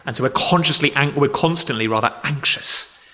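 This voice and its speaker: A man's voice: medium pitch, fairly quick, pushed and bright, long reverb tail. A man preaching a sermon to children and adults, conversational and explaining with examples. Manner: conversational, with acted-out grumbling quotes.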